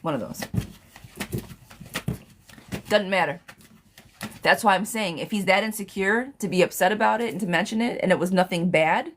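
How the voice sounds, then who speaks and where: A woman's voice: medium pitch, normal speed, pauses often, fairly bright tone, a little hiss or hum. A woman doing live tarot readings, reading viewer questions aloud and answering them in a blunt, chatty way. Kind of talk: casual live-stream chat.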